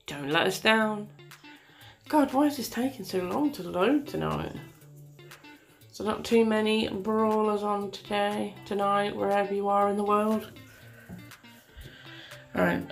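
A gaming commentator talks through her live gameplay in a mid-range voice with vocal fry. She's chatty and irritated, sprinkling in lots of mild swearing.

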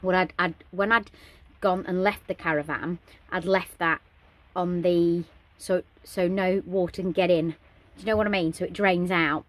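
A woman's voice: fairly low pitch, steady tone, normal speed. Exasperated chatty woman vlogging in a caravan. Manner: chatty, exasperated, with many fillers. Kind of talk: casual vlog. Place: inside a caravan.

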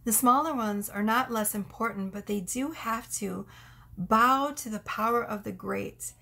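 A woman's voice: fairly high pitch, measured pace, creaky, pushed and bright, husky. A young woman giving a casual tarot reading, effusive and emotional as she reads out cards. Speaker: tarot reader.

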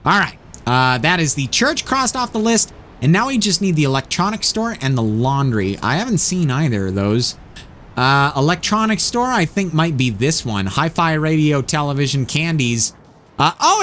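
Animated man doing game commentary. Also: fairly high pitch, moderate pace, soft background music. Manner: animated, self-mocking, laughs often. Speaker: gaming channel host. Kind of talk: let's play commentary.

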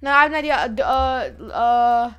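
A streamer giving excited live commentary while playing a game with viewers, breaking into hyped shouts and chants. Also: medium pitch, moderate pace, faint music behind. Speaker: livestreaming gamer playing with viewers.

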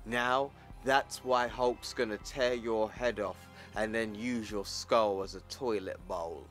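A man's voice: on the low side, steady tone, slow pace, fairly bright tone, soft background music. A man reading lines for a brutish, jealous male monster in a comic recap, in his usual voice. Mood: taunting.

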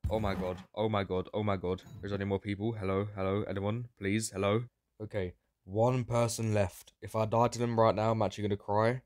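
A man giving excitable, sarcastic gameplay commentary, prone to sudden yelps. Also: fairly low pitch, brisk, dry recording. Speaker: Minecraft YouTuber.

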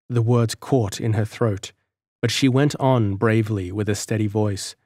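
This audiobook narrator has a voice on the low side and reads scripted narration with measured, expressive storytelling. The studio-quality audio has no echo.

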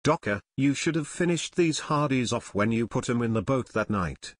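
A man's voice: mid-range voice, animated, moderate pace, no room sound, natural voice. A man voicing a stocky, quarrelsome male crook who whines and complains, in an audiobook reading. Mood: griping. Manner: whiny, complaining. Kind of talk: audiobook narration.

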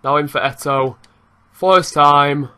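A young man giving lively, excitable commentary over his own football video game match, swearing now and then and breaking into laughter. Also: a little high, slow, clean tone. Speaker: gaming youtuber. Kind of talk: live gameplay commentary.

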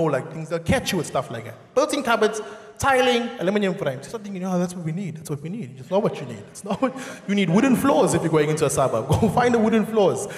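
A South African comedian in his thirties, talking high and with a wide swing in pitch as he acts out shouting neighbours. His voice rings through a big, echoey theatre hall with a long reverb tail. A faint audience can be heard behind him. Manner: animated, acts out shouting characters, laughs at own jokes. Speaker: stand-up comedian. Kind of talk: stand-up comedy. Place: large theatre stage. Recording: roomy live theatre sound with audience.

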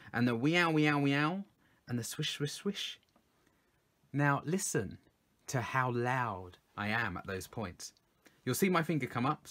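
Slow, expressive man reading poems aloud. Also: mid-range voice. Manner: teacherly, coaching listeners to join in; swings from loud calls to soft whispers. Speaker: children's poet reading his poems. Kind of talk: performance poetry reading for children.

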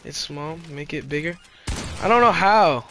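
A man streaming a game, chatting casually with his viewers and chat, excitable and swearing in bursts of exclamations. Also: on the high side, normal speed, slight background noise. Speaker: gaming streamer.

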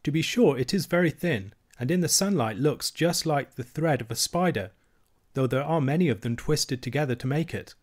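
A man's voice: on the high side, animated, normal speed, voice pushed up. A man reading aloud and voicing a young princess girl who is earnest and insistent, speaking with a raised, eager voice.

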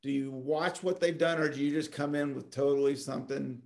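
A man hosting a podcast, asking his guest curious follow-up questions in a relaxed, conversational way. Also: medium pitch, brisk, vocal fry. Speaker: podcast host. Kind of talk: casual interview chat.

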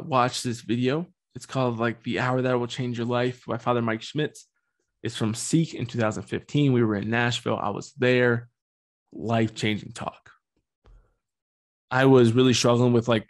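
Young male host, mid-pitched, slangy and jokey, casual Bible-study podcast talk. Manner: slangy, joking, loose and chatty.

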